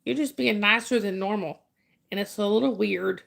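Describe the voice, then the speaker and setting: A woman's voice: mid-range voice, moderate pace, vocal fry, fairly bright tone. A woman chats casually on her livestream, talking easily to her viewers. She calls out their names, teases a little and laughs often. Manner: chatty, laughs often, greets viewers by name. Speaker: livestream host.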